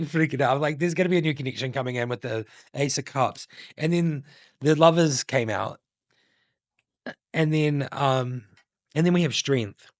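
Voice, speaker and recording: Clean studio sound without room echo carries a man's mid-range voice. As a tarot reader, he gives viewers a relaxed collective reading, loosely musing on intuition and saying "like" constantly.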